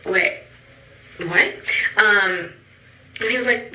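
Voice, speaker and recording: A woman's voice: mid-range voice, a little slow, pauses often, sharp tone. Chatty young woman in an echoey room. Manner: chatty, acts out dialogue with a swearing punchline. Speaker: content creator. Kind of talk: casual storytime to camera.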